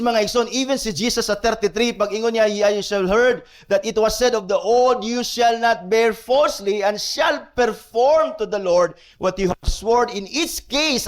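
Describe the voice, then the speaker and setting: Preaching in a high-pitched voice, this male pastor has a Cebuano Filipino accent. His sermon blends Cebuano with English, and he hammers home important phrases by repeating them.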